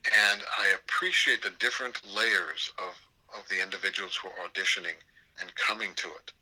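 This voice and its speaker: An older man, a theater professor, telling anecdotes in an interview with an animated, storytelling manner. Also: sits low, moderate pace, low-quality recording. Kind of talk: storytelling interview over a call.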